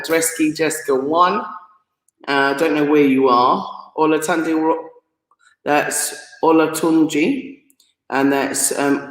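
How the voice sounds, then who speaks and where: A woman hosting a live stream, reading out viewer comments and greetings in a chatty, excitable way, often laughing and stumbling over names. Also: low-pitched. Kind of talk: casual live stream chat. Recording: roomy echo.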